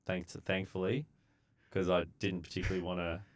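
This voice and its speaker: A man's voice: sits low, brisk. A man, a civil engineer telling laid-back stories from his site days as a podcast guest, acting out what people said. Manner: laid-back, relaxed storyteller who acts out quotes. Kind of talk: casual storytelling.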